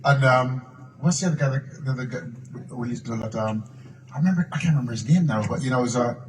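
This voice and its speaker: A man's voice: mid-range voice, quick pace, far from the mic. An older man shares stories at a public Q&A, circling back over words and sometimes slipping into a line of song. He sounds set back from the microphone, with a faint murmur of room noise behind him. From Jamaica. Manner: repeats and restarts words, breaks into song. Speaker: guest musician at a Q&A. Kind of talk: live storytelling at a public Q&A. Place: museum event room, live audience.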